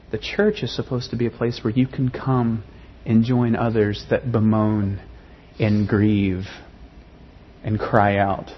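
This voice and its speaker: Preacher guy, husky and kinda high, earnest sermon, muffled lo-fi sound. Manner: earnest, repeats words, rises into passionate pleading. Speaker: pastor.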